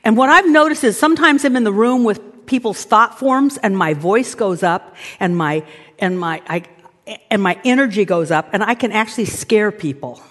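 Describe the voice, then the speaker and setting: A woman preaching a lively sermon, acting out inner voices and now and then shouting commands. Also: mid-range voice, moderate pace. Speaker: pastor. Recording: reverberant hall.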